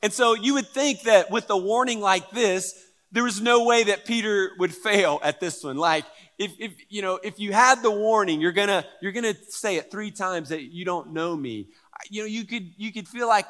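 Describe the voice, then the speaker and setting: A man preaching a sermon in a conversational, animated way, with fillers and repeated words. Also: high voice, moderate pace. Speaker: pastor.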